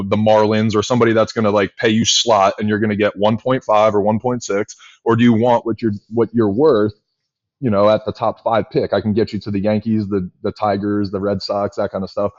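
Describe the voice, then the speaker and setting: Fast-talking man telling stories, lo-fi. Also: fairly low pitch, no room sound. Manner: rapid, animated storyteller with many fillers. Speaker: podcast guest, former pitcher. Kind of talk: casual storytelling chat. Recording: dull lo-fi podcast audio.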